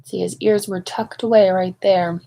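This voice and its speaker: A woman reading a picture book aloud to young children, expressive and adding chatty asides to her listeners. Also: mid-range voice, moderate pace, vocal fry, poor audio. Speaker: storybook reader at a speech clinic.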